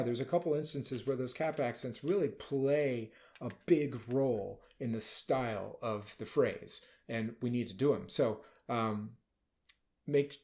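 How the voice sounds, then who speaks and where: A man's voice: mid-range voice, a little mellow. A man leading a band rehearsal as conductor, explaining casually and now and then singing or calling out musical phrases. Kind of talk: rehearsal instruction.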